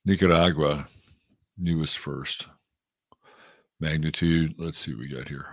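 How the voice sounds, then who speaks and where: With an extremely low, steady voice and a slightly slow delivery, a middle-aged man from Texas chats loosely on his astrology livestream and greets viewers by name. There's no room sound, and the quality is studio grade.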